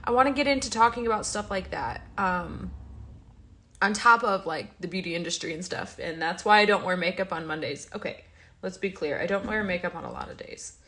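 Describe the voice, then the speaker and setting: A woman's voice: fairly low pitch, lively intonation, fairly quick, bright, forceful tone. A woman, sounding a little stuffy, chatting casually on a livestream and answering viewers as she goes. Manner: chatty, rambling, reads viewer comments aloud. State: stuffy-nosed, yawning. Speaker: livestream host.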